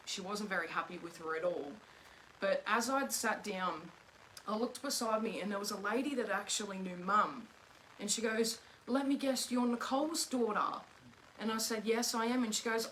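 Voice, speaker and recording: A woman's voice: medium pitch, fairly bright tone, a little hiss or hum, low-quality recording. A young woman, earnestly telling a personal story on a live chat and retelling the dialogue. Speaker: guest, host's daughter.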